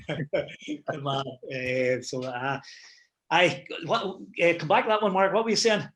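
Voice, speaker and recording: A man's voice: a little high, fairly even intonation, slow, a bit bright. Rambling middle-aged man reminiscing. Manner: rambling, full of "you know" and restarts. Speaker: football manager guest. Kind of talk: casual reminiscing interview.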